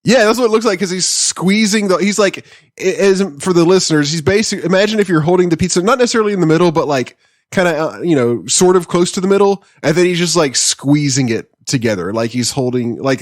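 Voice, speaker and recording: A man's voice: fairly high pitch, fairly quick, no room sound, clean studio sound. A man co-hosting a podcast, chatting casually and laughing often as he points out small details. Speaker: podcast co-host. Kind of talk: casual chat.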